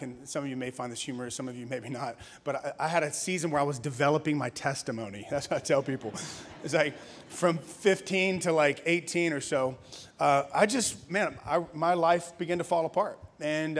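Pastor guy in his 30s from louisiana, chatty sermon story, voice a bit on the high side. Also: normal speed. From Louisiana, USA. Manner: conversational storytelling with laughs and restarts. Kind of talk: conference sermon, personal testimony.

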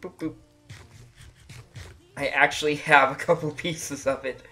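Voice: mid-range voice, level tone, moderate pace, pushed and bright. A livestreamer giving casual gameplay commentary, laughing often and breaking into frequent exclamations. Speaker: livestreamer playing a block-building game. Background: faint music playing.

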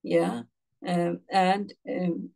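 A woman's voice: lowish voice, flat delivery, extremely slow, creaky, dark tone, poor audio. A woman teaching a religious class, reading verses aloud and then explaining them to her students in a plain, conversational way. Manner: conversational, with frequent "you know" and "yeah". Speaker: Quran teacher.

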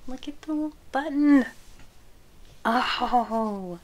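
A woman hosting a crochet channel, chatting casually and gushing softly as she opens mail, sometimes dropping to a whisper. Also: fairly high pitch, slow pace. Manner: gushing, soft-spoken, often drops to a whisper. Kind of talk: casual unboxing chat.

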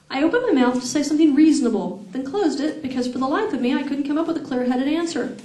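A woman reading her first-person novel aloud at a live event, in a steady, expressive voice. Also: high voice, fast talker, few pauses. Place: event hall. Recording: echoey room, far from mic.

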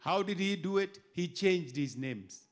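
A middle-aged Kenyan bishop preaching an animated sermon, moving from quiet asides to loud exhortation. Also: male voice, high voice, measured pace. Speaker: bishop and pastor.

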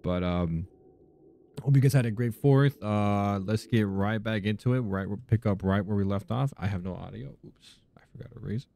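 A young man hosting a gaming channel comments casually on a horror game in a fairly low, warm voice with vocal fry, at normal speed. He's jumpy, swearing in startled reactions whenever something scares him.

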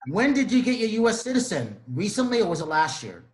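A man's voice: sits high, big pitch swings, fast talker. Male show host, effusive and eager, room echo around the voice. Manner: enthusiastic, effusive. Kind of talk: interview host introduction and questions. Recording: roomy echo.

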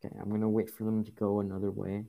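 A man's voice: fairly low pitch, monotone, very fast, gravelly, highs cut off. A man giving casual gameplay commentary, grumbling and swearing at the game in frustration. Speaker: gaming YouTuber.

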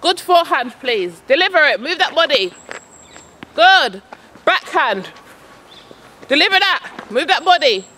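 A woman's voice: high-pitched, sing-song, measured pace, long pauses, bright, forceful tone, slight background noise. A woman coaching her son at tennis on an outdoor court, calling out shots and chatting casually to her vlog viewers. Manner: calls out shots, chatty and coaxing.

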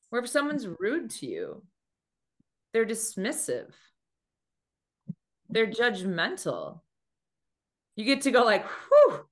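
A woman giving a motivational talk on dating as a coach, telling stories lively and acting out quoted speech in changing voices. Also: mid-range voice. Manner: animated storytelling, acts out quoted speech.

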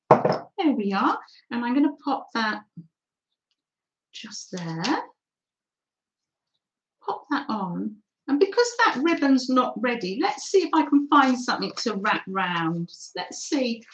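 A woman with a fairly high, lively sing-song voice hosts a live craft session at an unhurried pace. She chats and thinks aloud while she paints, and she thanks viewers for their comments. The audio is dull and lo-fi. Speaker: craft livestream host. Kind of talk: live mixed-media art demo.

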